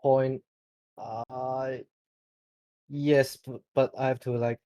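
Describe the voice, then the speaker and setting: Hesitant man with flat voice. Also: medium pitch, very slow. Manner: hesitant, short replies. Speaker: player being coached. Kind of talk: voice chat answers.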